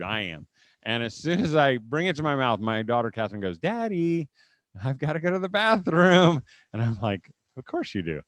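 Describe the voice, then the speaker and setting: A middle-aged man from Indiana speaks to a live audience, at a mid-range pitch, in a dry, close sound. He tells folksy family anecdotes with frequent chuckles and acts the scenes out. The talk is humorous but aimed at teaching parents. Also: fairly bright tone, dry recording. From Indiana, USA. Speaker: conference speaker.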